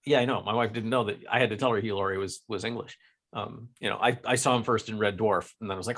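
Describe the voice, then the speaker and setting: A man's voice: fairly low pitch, fairly even intonation, quick pace, a bit bright. An American man co-hosting a podcast, rambling through casual chat with lots of fillers and restarts. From United States. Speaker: podcast co-host.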